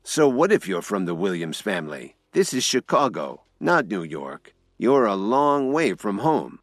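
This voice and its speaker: A man voicing a serious businessman who speaks in a measured way. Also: fairly low pitch, big pitch swings, no room sound, clean studio sound, faint music behind.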